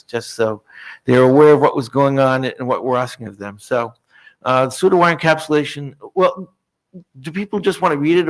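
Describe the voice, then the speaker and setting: A man presenting text at a technical standards meeting in a conference room, talking politely and casually with fillers and restarts. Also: mid-range voice. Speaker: working group presenter.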